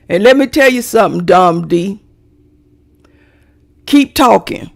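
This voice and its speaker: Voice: mid-range voice, expressive, unhurried, creaky, pauses often. A middle-aged vlogger ranting to viewers in a brash, profane, theatrical way, straight into a phone or webcam.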